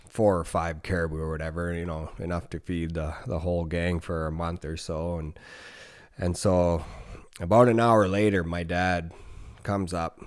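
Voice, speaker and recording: A man in his thirties from northern Canada tells a long story as a podcast guest, his voice sitting very low. He talks loosely and profanely and often restarts his sentences. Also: clean tone. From Nunavut, northern Canada. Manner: relaxed, profane, rambling with restarts. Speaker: podcast guest, former hockey player. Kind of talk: casual storytelling.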